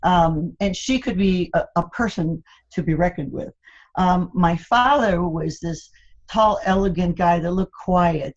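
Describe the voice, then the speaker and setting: An older woman, a guest in a candid interview, who tells stories with animated, teasing humor and laughs often. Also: lowish voice, measured pace, highs cut off. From United States, Cuban American family.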